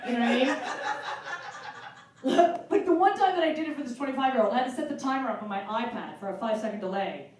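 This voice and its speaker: A woman in her forties works a stand-up set in a chatty, self-mocking way, her voice sitting a little high. The sound comes from a distance and rings around a very echoey club room. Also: lively intonation, fast. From United States. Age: 40s. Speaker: stand-up comedian. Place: comedy club stage with a laughing audience.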